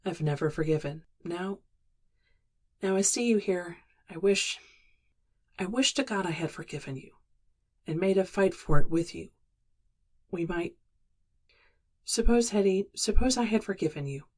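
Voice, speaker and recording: A woman's voice: on the low side, lively intonation, unhurried, pauses often. A woman reading the lines of a remorseful man in an audiobook, earnest and pleading.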